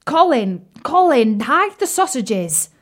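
A woman voicing a nervous, polite frog prince in a children's storybook, with a croaky voice. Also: sits high, sing-song, slow, pitched above the performer's own voice, exaggerated voice. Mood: panicked.

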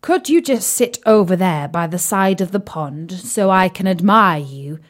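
A woman voicing a nervous, polite frog prince in a children's storybook, with a croaky voice. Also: lowish voice, animated, unhurried. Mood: flattering.

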